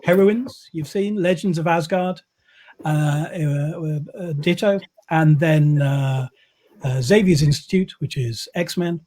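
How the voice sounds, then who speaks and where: A man's voice: fairly high pitch, slow, mellow. A man, a publisher, chatting casually on a video call in a wry, rambling way with many fillers. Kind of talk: casual chat.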